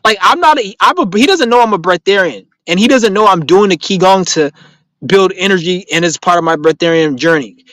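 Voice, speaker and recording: On a live stream, a man chats casually with viewers, answering them in rambling, profane street slang and telling stories with animation. His voice is high and brisk, in a rough recording with no room sound.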